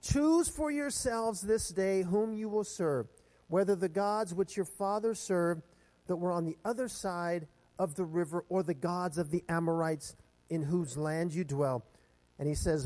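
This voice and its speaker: A man preaching a sermon, reading scripture aloud and explaining it in a conversational way with fillers and restarts. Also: a little slow. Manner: reads scripture aloud with lively pitch swings. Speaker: pastor.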